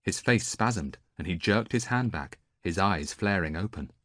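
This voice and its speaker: Man narrating an audiobook, very low voice, dry close sound. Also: expressive, a little slow, a bit bright, dry recording. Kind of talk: scripted narration.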